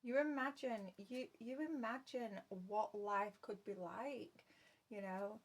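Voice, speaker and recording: A woman's voice: on the high side, steady tone, takes it slowly. A woman giving a spoken tarot reading to her viewers, earnest and repeating her phrases. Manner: earnest, repeats phrases, addresses listener as love. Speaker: tarot reader.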